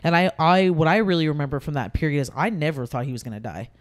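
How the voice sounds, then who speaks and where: A woman's voice: deep voice, fast talker. A woman in her thirties, a podcast guest, telling a personal story candidly in casual conversation, with many fillers. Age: 30s.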